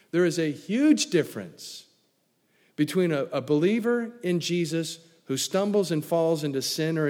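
A man preaching a sermon emphatically, swinging from loud declarations to hushed lines. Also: a little high. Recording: long hall reverb.

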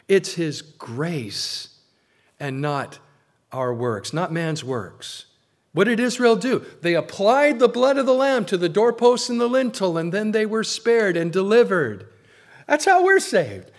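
A man preaching a sermon as pastor, stressing key words loudly and then dropping low and slow. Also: sing-song.

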